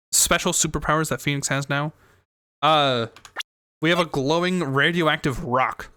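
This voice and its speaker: A woman streamer casually commenting on a game, swearing and laughing playfully, over loud game music. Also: low-pitched, a little slow, no room sound. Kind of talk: casual let's play commentary.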